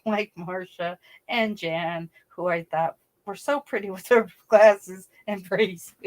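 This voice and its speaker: Middle-aged woman, livestream host, casual chatty storyteller who laughs a lot. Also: on the low side. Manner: chatty, laughs often, acts out quoted voices. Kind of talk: casual chat.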